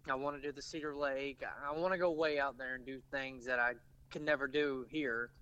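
A man's voice: medium pitch, steady tone, fairly quick, bright, forceful tone, clean tone, muffled recording. A man, a race driver guest telling stories in a laid-back, casual way. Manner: laid-back storytelling with laughs. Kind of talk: casual interview chat.

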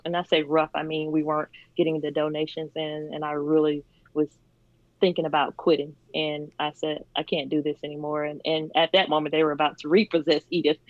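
Chatty woman guest, lowish voice. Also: no room sound, highs cut off. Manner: warm, laughs often, many fillers. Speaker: charity founder, guest. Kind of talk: conversational storytelling interview.

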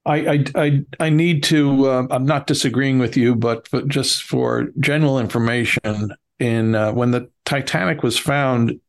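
A middle-aged man with a Bronx accent, cohosting a podcast in casual chat, halting with many stammered restarts. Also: mid-range voice, fairly even intonation, gravelly.

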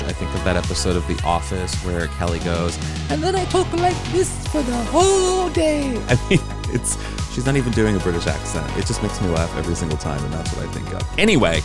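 A man hosting a pop culture podcast, chatty, playful and gushing as he sets up the episode. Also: lowish voice. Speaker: podcast host. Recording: music bed under voice. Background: background music.

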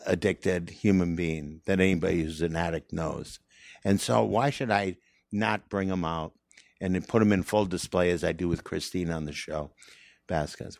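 Comedian guest, very low gravelly voice, reflective and candid. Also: male voice, no echo, studio quality. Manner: earnest, reflective, rambling with restarts. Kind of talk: candid interview conversation.

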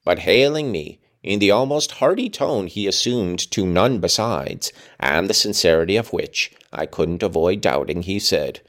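A man reading a classic novel aloud in an expressive, dramatic way, with his own asides. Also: low-pitched, normal speed, few pauses. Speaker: reader. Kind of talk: audiobook reading with commentary.

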